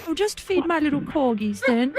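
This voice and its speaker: A woman's voice: high-pitched, animated, moderate pace. A woman radio DJ putting on a grandmotherly elderly queen with an exaggerated fake posh accent. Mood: dotty.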